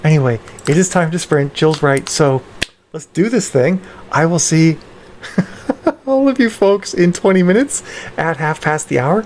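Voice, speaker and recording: A woman's voice: low voice, lively intonation, unhurried, darkish tone, a little hiss or hum. A woman hosting a casual live stream, chatting with her viewers, often stopping herself mid-sentence while she works on her voice. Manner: self-interrupting, reads chat aloud; practicing voice exercises. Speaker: livestream host.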